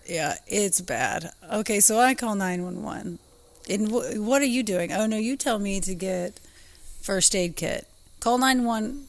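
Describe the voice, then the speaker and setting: A woman co-hosting a podcast, chatting casually and telling a story in short bursts with frequent laughter. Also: mid-range voice. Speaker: podcast co-host.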